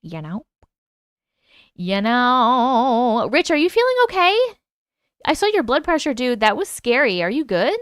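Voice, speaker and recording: Woman with a New York accent, live stream host, animated chat, clear close-mic sound. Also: on the high side, unhurried, long pauses, dry recording. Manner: chatty, animated, reads comments aloud. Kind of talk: casual live chat, reading viewer comments.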